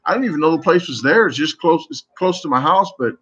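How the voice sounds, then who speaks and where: A man's voice: on the high side, animated, quick pace, fairly bright tone, highs cut off. A man chatting casually on a live stream, answering viewers and telling rambling stories that keep doubling back. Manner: rambling, self-interrupting storytelling. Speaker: competitive eater streamer. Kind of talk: casual live chat reading comments.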